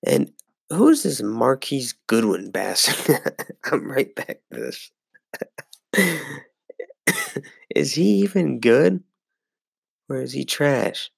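Gravelly-voiced man rambling on a podcast. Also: mid-range voice, very animated, slow pace, pauses often, dry recording, clean studio sound. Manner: rambling and profane, with frequent fillers. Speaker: podcast host. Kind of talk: casual solo sports podcast.

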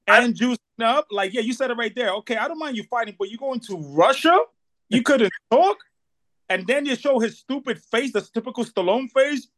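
Man, high voice, slangy and emphatic, casual podcast talk. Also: brisk, a bit bright. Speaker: podcast co-host.

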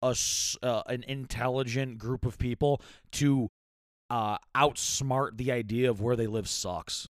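A man joking around with quick quips in a casual podcast chat. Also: medium pitch, steady tone, no room sound, studio quality.

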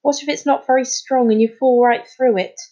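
A woman's voice: a little high, expressive, moderate pace, a little mellow, husky, voice pushed up. A woman reading aloud as a worried, chatty young girl who gushes and frets. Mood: anxious. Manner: worried, gushing. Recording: slightly muffled recording.

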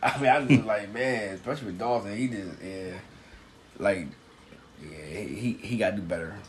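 A man co-hosting a casual TV recap chat, talking in a halting, laid-back way with slang and repeated words. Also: on the low side, a little hiss or hum. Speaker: podcast co-host.

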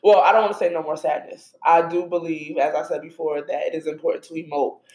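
A woman's voice: sits low, steady tone, fast, a little mellow. A woman podcast host giving an emotional, conversational faith talk with prayer, streamed live and speaking to listeners as y'all. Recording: roomy echo.

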